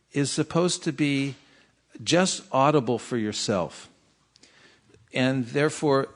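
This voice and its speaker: Man teaching a meditation workshop. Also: mid-range voice. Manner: conversational, gently humorous, with frequent restarts. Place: workshop room.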